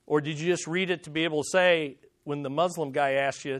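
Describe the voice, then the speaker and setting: Middle-aged male pastor, high-pitched voice, casual and emphatic sermon delivery, repeats key phrases. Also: steady tone, fairly quick.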